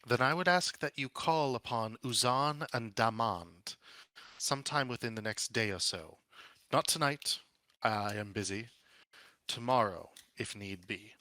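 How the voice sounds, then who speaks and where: A man's voice: medium pitch, unhurried, sharp tone, no room sound. A man voicing a cold, curt woman wizard who keeps her answers guarded.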